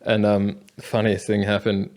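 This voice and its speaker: A man's voice: fairly low pitch, completely flat delivery, measured pace, darkish tone. A young man casually telling a travel story, rambling with many fillers and frequent laughs. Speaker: travel vlogger.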